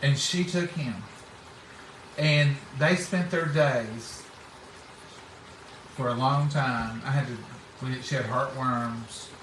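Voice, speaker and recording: A man's voice: medium pitch, slow, long pauses, fairly bright tone, a little hiss or hum. A middle-aged man, telling homespun stories in casual chat and acting out what people said. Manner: folksy, acts out quoted speech. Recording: roomy, distant mic.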